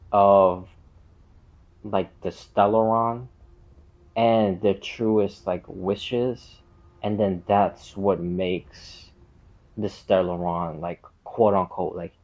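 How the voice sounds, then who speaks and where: A man's voice: on the low side, darkish tone, lo-fi sound. A man explaining game lore in a casual, rambling way, full of fillers and side tracks. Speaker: game streamer.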